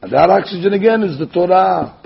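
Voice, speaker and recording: A man giving an animated sermon as a rabbi, telling stories and acting out the quotes. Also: high-pitched, brisk, gravelly, husky, lo-fi sound. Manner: animated storytelling, acts out quotes.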